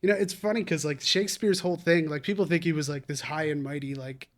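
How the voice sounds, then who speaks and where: A man's voice: fairly high pitch, steady tone, quick pace. A man co-hosting a casual podcast, guessing quiz answers in a rambling, jokey way full of fillers. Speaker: podcast co-host and quiz player.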